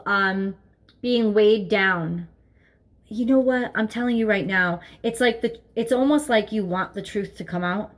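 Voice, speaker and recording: Lady doing a tarot reading from home, earnest, keeps repeating herself while she works it out. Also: medium pitch. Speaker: tarot reader. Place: home, seated at desk with her dog nearby.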